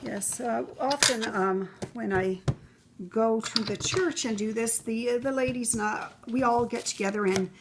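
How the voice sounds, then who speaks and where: A woman's voice: fairly high pitch, unhurried, noisy background. Chatty middle-aged woman teaching a recipe. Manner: chatty and rambling, with many fillers. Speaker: home cook demonstrating a recipe. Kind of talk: casual cooking demonstration. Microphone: camera mic, filmed by her son.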